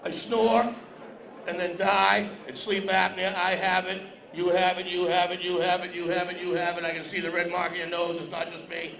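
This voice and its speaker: A man's high, gravelly, slightly bright voice moves little in pitch and keeps a moderate pace. On an event hall stage with a podium, he teases a live crowd in a brash comedy routine. The hall is echoey and audience noise comes through.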